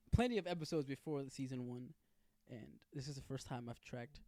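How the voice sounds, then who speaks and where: A man's voice: medium pitch, normal speed, gravelly, dark tone, no room sound. A young man in casual podcast chat, loose and joking, swearing freely and acting out what people said. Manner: loose, joking, swears a lot, acts out quotes. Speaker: podcast co-host.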